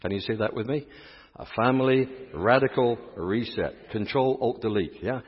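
A man's voice: mid-range voice, normal speed, slightly rough. A man with an English accent, a priest preaching a sermon in an exuberant, chatty way and calling out to his congregation. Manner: exuberant, chatty preaching with audience call-and-response. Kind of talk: sermon at a healing service. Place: church. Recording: echoey church hall, dull sound.

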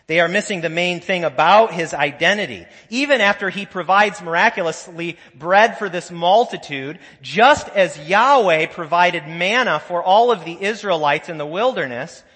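Bright-voiced preacher in a reverberant church. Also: male voice, sits high, slightly rough. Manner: conversational storytelling preacher with asides and voiced quotes. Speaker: pastor. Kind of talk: sermon. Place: church sanctuary.

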